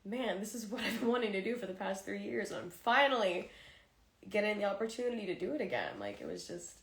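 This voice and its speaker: A woman's voice: medium pitch, lively intonation, quick pace. Tearful woman chatting in an echoey room. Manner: emotional and tearful, sighing, candid. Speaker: livestream host talking to fans. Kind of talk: casual chat. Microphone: phone. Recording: roomy echo.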